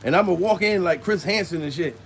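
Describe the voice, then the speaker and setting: A man's voice: high-pitched, a little fast, a little hiss or hum. A man doing casual comedic commentary, crude and rambling, laughing between lines and out of breath.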